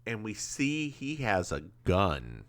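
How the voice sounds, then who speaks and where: A man co-hosting a podcast, recapping a TV episode in a rambling, animated way. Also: on the low side, slow pace. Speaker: podcast co-host.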